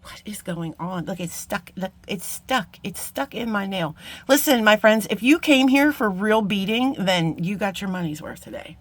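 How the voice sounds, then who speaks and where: A woman's voice: mid-range voice, expressive, moderate pace. A middle-aged woman chatting casually through a jewelry-making tutorial, self-deprecating and talking to viewers as friends. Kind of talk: casual craft tutorial chat.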